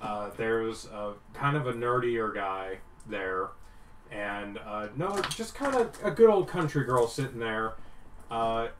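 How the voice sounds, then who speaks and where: A man narrating as game master for a tabletop game, animated and breaking into quick character voices. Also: mid-range voice, far from the mic, background noise. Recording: roomy, off-mic with faint ambience.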